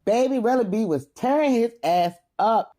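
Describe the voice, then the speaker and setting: A woman recapping a reality show episode in a casual, slangy, animated vlog with frequent laughs. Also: a little high, moderate pace, loud music behind the voice. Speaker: reality TV reviewer.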